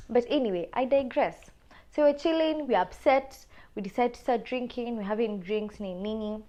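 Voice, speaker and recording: A young woman with a Kenyan accent telling a personal story on a podcast, animated and casual, mixing in Swahili slang. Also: on the high side. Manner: animated, switches between English and Swahili slang.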